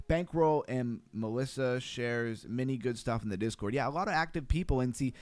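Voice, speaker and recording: Fast-talking man streaming crypto charts. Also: medium pitch, a little mellow, no room sound. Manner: fast-talking, easily sidetracked, chatty. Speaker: crypto livestream host. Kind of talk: casual livestream chart analysis.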